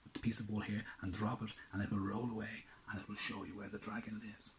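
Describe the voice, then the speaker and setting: A kindly old nodding witch woman from a storybook, read by a man. She speaks calmly and instructively, in a low, plain voice. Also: fast, noisy background, close to an everyday voice. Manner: calm and instructive.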